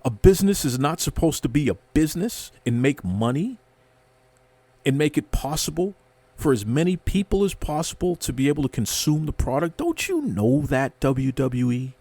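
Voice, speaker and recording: Male host, sarcastic mock-outrage rant, animated pitch, dry close sound. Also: moderate pace, no room sound. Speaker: wrestling commentary host.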